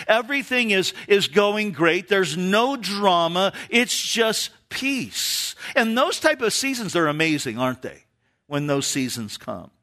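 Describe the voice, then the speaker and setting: Man, pastor, sermon, slow unhurried delivery, bright ringing tone, middle-aged. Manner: animated preaching, drops low for emphasis.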